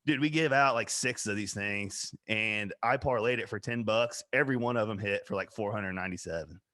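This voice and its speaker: A Midwestern man co-hosting a casual podcast. His voice is bright and forceful, and he tells rowdy stories with frequent laughter and cursing. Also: on the low side, a little fast. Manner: loud, laughing storyteller, swears freely. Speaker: podcast co-host. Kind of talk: casual chat.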